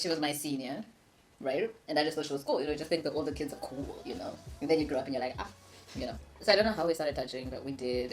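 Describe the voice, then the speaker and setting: Young woman co-host, low deep voice, frank playful banter, faint music underneath. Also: darkish tone. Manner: frank and playful, laughs often. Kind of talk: casual chat over a meal.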